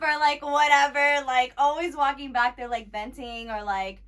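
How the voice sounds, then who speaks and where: A woman's voice: high-pitched, fairly even intonation, normal speed, fairly bright tone. A woman in her twenties co-hosting a podcast, telling blunt, profane stories in casual chat, full of "like". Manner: blunt, profane storytelling, heavy filler "like". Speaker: podcast co-host.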